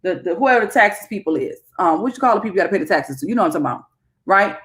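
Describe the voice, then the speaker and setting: A woman, hosting a casual livestream and talking straight to her viewers, animated and chatty, calling them "baby" and "y'all". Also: medium pitch, racing. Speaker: livestream host and crypto educator. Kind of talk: casual live-stream talk to viewers.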